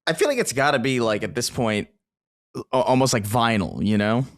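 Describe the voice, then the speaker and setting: A man's voice: mid-range voice, animated, moderate pace, dry recording, clean studio sound. A man co-hosting a podcast, musing in a laid-back, casual way with some swearing. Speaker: podcast co-host.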